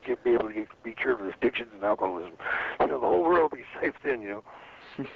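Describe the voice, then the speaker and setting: A former wrestler, interviewed casually, recounts rambling, profane anecdotes and imitates voices when quoting others. His fairly low voice is expressive and fairly quick. Slight muffling and faint noise color the recording.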